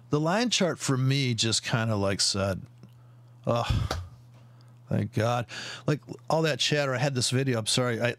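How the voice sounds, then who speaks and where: A man talks through trading charts in a loose, rambling way, swearing often and slipping into sarcastic asides. His voice sits in a middle pitch and sounds dry and close, with almost no room around it. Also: a bit bright, no echo. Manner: profane, sarcastic, tangential, mocking asides. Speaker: market commentator. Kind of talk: rambling screen-share chart commentary.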